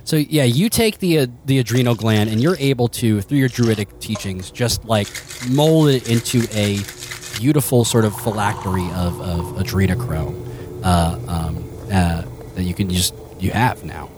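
A man's voice: lowish voice, moderate pace, noisy background. A man narrating as game master of a tabletop game, rambling loosely and laughing often.

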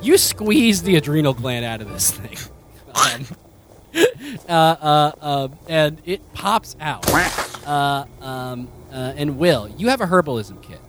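Laughing, lively game master. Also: male voice, fairly high pitch, slow, music in the background. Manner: laughing often, loose and rambling with fillers. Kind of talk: narrating a tabletop game.

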